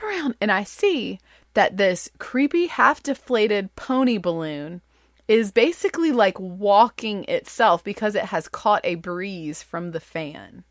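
A woman in her thirties, a mother telling a funny story in a casual, animated, self-deprecating way. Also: no echo, studio quality. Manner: animated, self-deprecating, acts out quotes in high voices.

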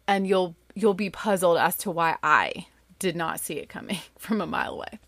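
Chatty mom telling a story. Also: female voice, normal speed, no room sound, studio quality. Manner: lively, chatty, full of "like" fillers, jumps much higher for quoted voices. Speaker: mother telling a family story. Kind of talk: casual personal storytelling.

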